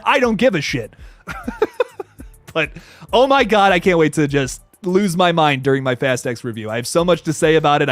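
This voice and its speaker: A horror movie channel host, male and high-voiced, chats casually on a livestream while reading super chats. He's excitable, swears, and laughs often. The recording is dry.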